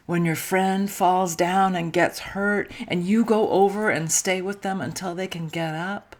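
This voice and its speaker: A woman minister gently telling a children's story during a church service, soft-spoken and sometimes dropping to a hush. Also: fairly low pitch, steady tone, measured pace, few pauses. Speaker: intern minister.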